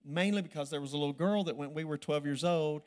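A man preaching a sermon, telling a church story and building to loud, emphatic preaching. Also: on the high side, fast.

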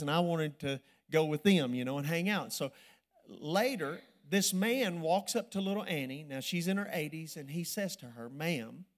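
Man preaching a sermon, rising to loud emphasis. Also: on the high side.

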